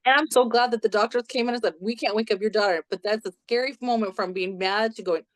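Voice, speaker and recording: A woman in her forties, a clinical social worker, telling animated stories as a podcast guest from her home office and acting out quoted voices. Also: on the high side, fast talker. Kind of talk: casual storytelling in a podcast interview.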